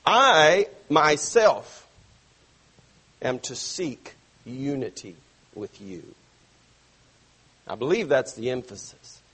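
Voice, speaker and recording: A man preaching a sermon to his church, stressing phrases slowly and dropping suddenly soft. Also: mid-range voice, big pitch swings, slightly rough. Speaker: pastor.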